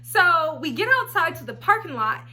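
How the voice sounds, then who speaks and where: A woman telling a personal story on her vlog in a blunt, profane, animated way. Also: very high voice, moderate pace. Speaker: storytelling vlogger. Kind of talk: casual storytime.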